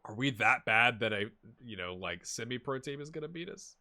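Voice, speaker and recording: A man casually commentating his own football management game, chatty and rambling, with excited bursts at goals. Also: medium pitch, brisk. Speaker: gaming YouTuber. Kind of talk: casual let's-play commentary.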